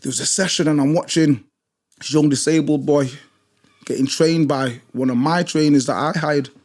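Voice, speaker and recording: A man's voice: fairly high pitch, fairly even intonation, moderate pace, a little mellow. A British man who works as a gym instructor, telling stories in an emphatic, blunt way, repeating phrases for force. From Britain. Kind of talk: passionate storytelling in conversation.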